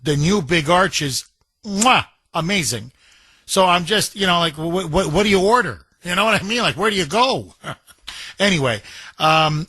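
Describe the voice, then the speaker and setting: A man hosting a call-in talk radio show, talking in an excitable, rambling and emphatic way. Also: sits high, moderate pace, slightly rough, dry recording. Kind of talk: talk radio, taking calls. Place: radio studio. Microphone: studio microphone.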